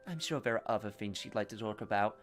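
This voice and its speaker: A man's voice: fairly low pitch, quick pace, soft background music, natural voice. A man voicing a vain, glamorous female stage singer in a game, haughty and teasing.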